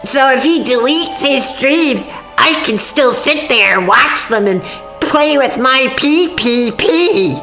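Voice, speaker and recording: A woman mimicking a smug male online critic in a sneering, drawn-out voice. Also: high-pitched, lively intonation, pushed and bright, echoey room, faint music behind, pitched above the performer's own voice, heavily acted.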